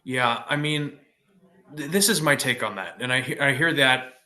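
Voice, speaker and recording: Blunt, bright-voiced young man. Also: medium pitch, normal speed. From California. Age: young adult. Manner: blunt and profane, with stammered restarts. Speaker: podcast guest. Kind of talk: casual chat.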